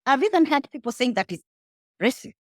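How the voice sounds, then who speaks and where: Animated Kenyan woman, high lively voice. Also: brisk, no echo, clean studio sound. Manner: animated and emphatic, addressing the listener directly. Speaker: guest, rideshare entrepreneur. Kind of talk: casual interview conversation.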